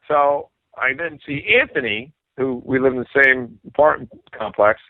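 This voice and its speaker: A man's voice: mid-range voice, normal speed, few pauses, no room sound. Man telling stories on a tinny line. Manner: animated anecdotes, acts out quoted dialogue. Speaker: interview guest, rock bassist. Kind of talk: casual storytelling. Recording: dry tinny phone-like sound.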